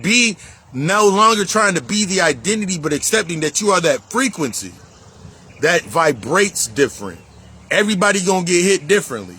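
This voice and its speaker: A man's voice: high-pitched, pushed and bright, breathy edge, low-quality recording. A man talking as a life coach in a casual spiritual monologue, emphatic and profane, repeating himself for stress. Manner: emphatic, profane, repetitive street talk.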